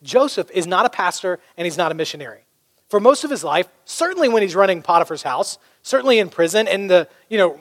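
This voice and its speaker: A man preaching a sermon as pastor, conversational and humorous, telling stories. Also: sits high. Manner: conversational, humorous, animated storytelling. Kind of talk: sermon with storytelling.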